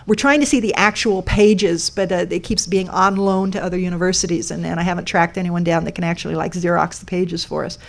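A woman's voice: lowish voice, fairly even intonation, a little fast, creaky, few pauses. A woman giving a talk to a live audience, explaining step by step and putting questions to the room. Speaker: speaker giving a talk on a code sculpture.

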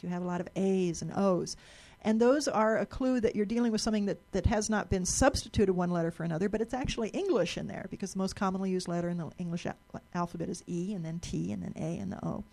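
Woman, live presentation, gravelly voice, middle pitch, chatty explaining, lots of restarts and repeated words, lecture room. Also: darkish tone.

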